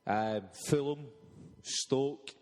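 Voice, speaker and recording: A man in a podcast's casual sports banter, talking haltingly with many restarts. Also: mid-range voice, a little mellow, big-room sound. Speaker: podcast regular.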